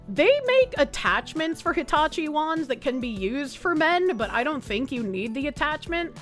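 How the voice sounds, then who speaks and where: A young woman streamer chatting casually and crudely with her chat, reading donations and laughing often, her voice jumping up loud and high.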